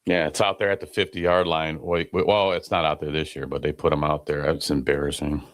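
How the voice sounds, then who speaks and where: A man co-hosting a casual sports podcast, blunt and quick to get heated about players. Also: a bass voice, flat delivery. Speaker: podcast co-host.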